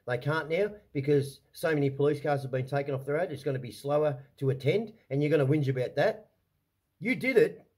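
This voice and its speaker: A man's voice: a little high, a little mellow, slightly rough. An Australian man delivering an angry, heated vlog rant to camera, swearing often and repeating himself as he restarts his sentences. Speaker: vlogger. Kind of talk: angry ranting monologue.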